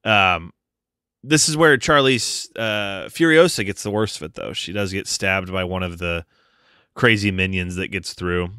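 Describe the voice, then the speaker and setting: A man's voice: deep voice, measured pace, pushed and bright, clean tone, dry recording, clean studio sound. A man co-hosting a podcast, casually talking through a film with cursing and laughter. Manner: laid-back, profane, laughs often. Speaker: podcast co-host.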